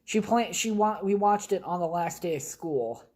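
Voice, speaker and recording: A young podcast host in his home basement gives a casual, rambling storytelling monologue packed with blunt, heavy swearing. His voice sits high and is a little mellow, at normal speed, in a low-quality recording.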